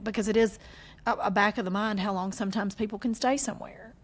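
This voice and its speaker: This is a woman with a Southern US accent co-hosting a relaxed podcast. She talks in a casual, animated way. She slips into playful voices when she quotes people. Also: medium pitch, fast. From American South. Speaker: podcast co-host. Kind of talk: casual chat.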